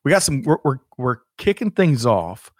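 During casual chat on a livestreamed supply chain show, a male co-host stays upbeat and talkative, laughing frequently and leaning on fillers. His mid-range, slightly rough voice moves at normal speed with big pitch swings, captured at studio quality with no room sound.

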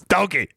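A man's voice: sits high, gravelly, pushed and bright, voice pushed up, heavily acted. A man putting on a wisecracking male cartoon donkey voice, laughing through his lines.

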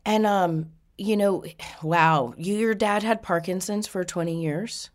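A woman's voice: mid-range voice, unhurried. A woman host giving a spiritual reading, passing on messages with frequent laughter. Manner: relays messages in quotes, laughing often. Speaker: psychic medium.

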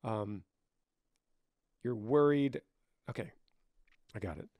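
A man's voice: lowish voice, slow pace, no echo. A man hosting a podcast, giving casual advice in an earnest, conversational way, his voice a little scratchy. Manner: earnest, conversational, with restarts and soft laughs. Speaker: podcast host.

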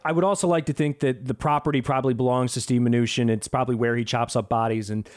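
A man hosting a casual podcast, giving a sarcastic, profane and animated movie review. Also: mid-range voice, quick pace.

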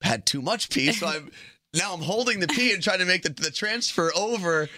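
A man's voice: high-pitched, expressive, moderate pace, bright, forceful tone, no echo, studio quality. A young man co-hosting a casual podcast, telling stories and teasing his co-host. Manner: joking, storytelling, teasing. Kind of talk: casual chat.

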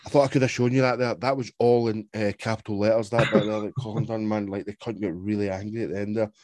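A man's voice: fairly low pitch, steady tone, fast talker, a little mellow, no room sound. A man co-hosting a podcast, reading aloud and bantering with laughter and swearing. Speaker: podcast co-host. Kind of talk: casual chat and reading aloud.

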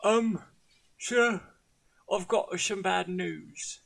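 A man's voice: sits high, extremely slow, gravelly, a bit bright, heavily acted. A man voicing a timid, deferential male manservant who hesitates and keeps saying sir. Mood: sheepish. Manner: meek, hesitant, says sir constantly.

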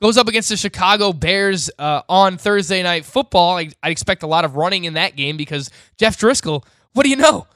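Bright high-voiced guy, sports pod cohost, opinionated and teasing, dry close sound. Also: animated, a little fast, hardly any pauses, no echo. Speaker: sports podcast co-host. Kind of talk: casual sports analysis.

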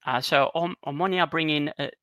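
A man's voice: fairly high pitch, fairly quick, sharp tone, dry recording, lo-fi sound. A man co-hosting a casual football podcast, joking and laughing often as he talks through the week's news. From Cyprus. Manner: jokey, laughs often, punning. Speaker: podcast co-host.

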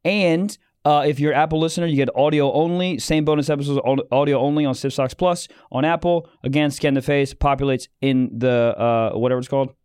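A man's voice: fairly high pitch, a little fast, hardly any pauses, clear, resonant tone. A man co-hosting a podcast, chatting crudely and telling rambling stories. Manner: animated, rambling storyteller. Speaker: podcast co-host and comedian. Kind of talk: casual crude banter.

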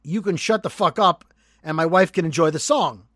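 Man, podcast co-host, high voice, dry close sound, animated storytelling. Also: moderate pace, no echo. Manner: animated storyteller, acts out quotes. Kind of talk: casual recap chat.

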